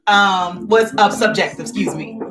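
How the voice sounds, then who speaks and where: A woman's voice: mid-range voice, moderate pace, fairly bright tone. A woman hosting a casual live painting class at home, chatty and upbeat, laughing often. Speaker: painting instructor and live stream host. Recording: roomy sound from a distant mic with faint music.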